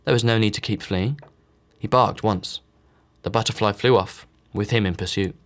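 A man's voice: lowish voice, moderate pace. A man narrating a novel, reading all the characters with slight voice shifts. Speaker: audiobook narrator. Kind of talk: scripted narration.

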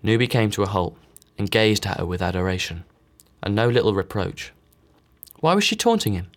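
A man's voice: fairly low pitch, animated, moderate pace. A man narrating a novel, reading all the characters with slight voice shifts. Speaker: audiobook narrator. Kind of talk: scripted narration.

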